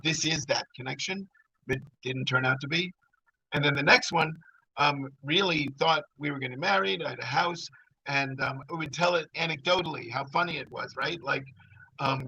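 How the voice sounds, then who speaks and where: A man's voice: mid-range voice, moderate pace, vocal fry, bright, forceful tone, slight background noise, rough recording. A middle-aged man telling a personal story in a rambling, conversational way. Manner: rambling, conversational, full of fillers.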